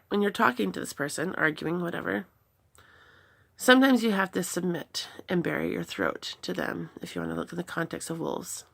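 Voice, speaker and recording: Middle-aged mom, lowish gravelly voice, earnest and reflective, sharing parenting advice. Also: female voice. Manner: earnest, reflective, demonstrates gentle replies. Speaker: parenting talk host. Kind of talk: personal advice talk.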